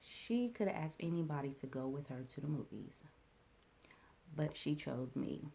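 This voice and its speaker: A woman vlogger telling a personal story in a reflective, halting way, with many fillers and restarts. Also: deep voice, animated, creaky, mellow.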